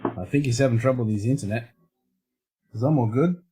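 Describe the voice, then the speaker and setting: A man's voice: medium pitch, a little fast, dark tone, slightly rough. An Australian man hosting a casual livestream chat, blunt and swearing constantly in a laid-back way. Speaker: show host.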